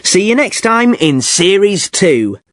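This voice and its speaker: Guy hosting an english learner podcast, clear and teachery, voice goes up and down a lot. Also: high voice, big pitch swings, takes it slowly, background noise. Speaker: podcast host. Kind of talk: scripted learner podcast presenting.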